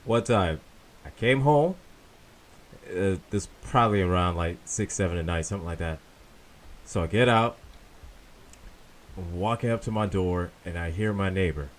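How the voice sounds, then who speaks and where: A man co-hosting a casual talk show, telling a story in an animated, repetitive way. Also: sits low, normal speed, pauses often, a little hiss or hum. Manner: animated, repeats himself, lively storyteller. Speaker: podcast co-host.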